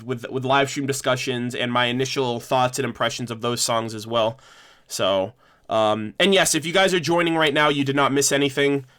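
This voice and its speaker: A man's voice: mid-range voice, fairly bright tone. A young man hosting a casual livestream discussion, rambling with many restarts as he thanks viewers. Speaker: livestream host.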